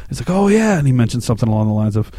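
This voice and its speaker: Podcast host, man in his 30s, dry close sound, excitable and rambling storyteller, swears a lot. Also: fairly low pitch, racing, dry recording. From Shreveport, Louisiana, US. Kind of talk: casual storytelling monologue.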